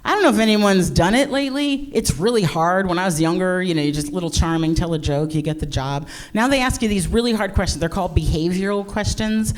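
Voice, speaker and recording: A woman's voice: lowish voice, fairly quick, hardly any pauses. A middle-aged American woman doing live stand-up, brash and profane, mocking herself and playing to the crowd. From United States. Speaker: stand-up comedian.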